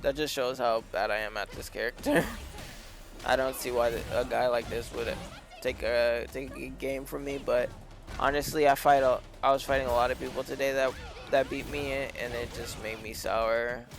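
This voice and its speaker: A young man streaming a fighting game, talking casually with lots of swearing, rambling between low mutters and loud frustrated rants. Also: steady tone, moderate pace, music in the background. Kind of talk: casual commentary while playing a fighting game.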